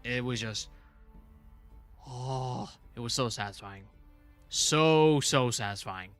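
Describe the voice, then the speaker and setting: A man hosting a casual livestream review, rambling excitedly and correcting himself as he goes. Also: mid-range voice, takes it slowly, faint music behind. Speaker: channel host reviewing a TV show.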